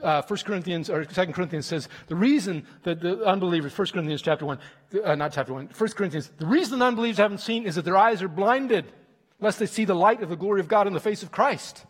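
A man preaching a sermon with stories, animated and emphatic, with fillers and restarts. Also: high voice, fast. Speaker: visiting preacher from a mission group. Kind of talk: sermon with storytelling. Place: church sanctuary. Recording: long reverb of a large room.

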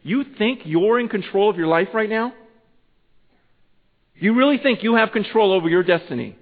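A male pastor delivering a sermon, swinging between loud urgent preaching and hushed, intimate passages. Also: sits high, expressive, normal speed. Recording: tinny phone-like sound with long hall reverb.

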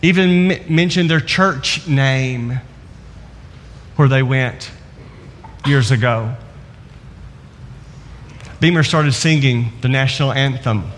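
A male pastor preaching a sermon, telling a story and slowing down to stress key words. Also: mid-range voice, in a large hall, a little hiss or hum. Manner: storytelling, slows down for emphasis.

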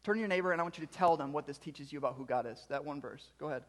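A pastor preaching a sermon and talking with his congregation. He moves from quiet reflection to loud, emphatic preaching. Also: fairly high pitch, very fast, long reverb tail. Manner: interacts with the congregation.

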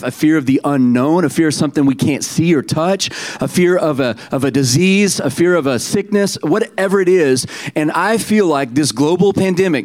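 A middle-aged man preaching a sermon in a conversational way, with frequent restarts and quick asides to the congregation. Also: a little high, a little mellow. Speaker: pastor.

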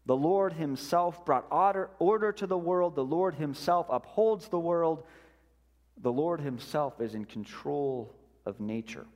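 A male pastor preaching a sermon in a slow, deliberate way, letting his voice drop softly on key words. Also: on the high side, big-room sound.

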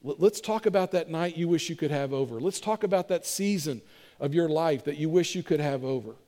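A man preaching a sermon as pastor, moving between emphatic delivery and hushed, intimate appeals to the congregation. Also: a little high, a little fast. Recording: long hall reverb.

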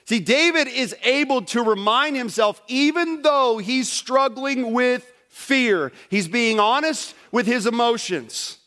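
A middle-aged man preaching a sermon to a congregation, direct and animated, swinging between loud emphasis and quiet. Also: extremely high pitch, takes it slowly, hardly any pauses. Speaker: pastor. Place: church sanctuary before a congregation.

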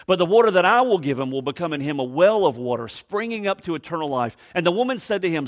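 A man preaching a sermon, reading scripture and explaining it with expressive emphasis, dropping to hushed tones and acting out quoted voices. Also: fairly high pitch, quick pace, hardly any pauses. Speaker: pastor.

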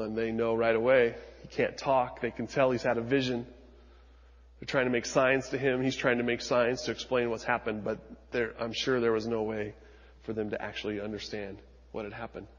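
Husky pastor preaching in a reverberant hall. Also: male voice, medium pitch, flat delivery, fairly quick, lo-fi sound. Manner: dramatic retelling, swings from hushed to emphatic. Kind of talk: sermon.

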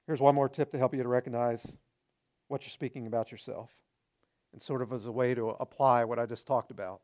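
A man's voice: mid-range voice, fairly even intonation, fairly quick, darkish tone. A male pastor preaching a sermon, earnest and exhorting, hammering home short repeated phrases.

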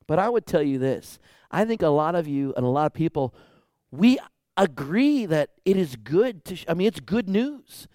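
Male pastor, high voice, dry close sound, rhythmic emphatic preaching. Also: no echo. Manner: builds from quiet asides to loud, emphatic exhortation; repetitive, rhythmic preaching with rhetorical questions. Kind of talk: sermon.

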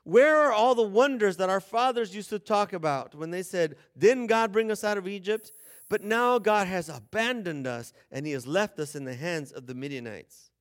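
A man's voice: high voice, animated, drawn-out words, few pauses, a bit bright, exaggerated voice. A man voicing a distressed young man who pleads and questions, his voice raised and insistent. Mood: pleading.

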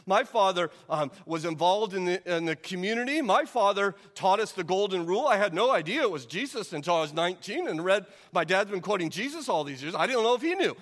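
Brief: middle-aged male pastor, high voice, conversational preaching full of questions, big reverberant church hall. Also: fairly bright tone. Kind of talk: sermon.

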